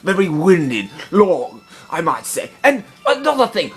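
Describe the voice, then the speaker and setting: A man giving a comedic film review in a pompous, affected gentlemanly put-on voice, indignant and long-winded. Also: high-pitched, wildly swooping pitch, a little slow. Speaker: movie reviewer.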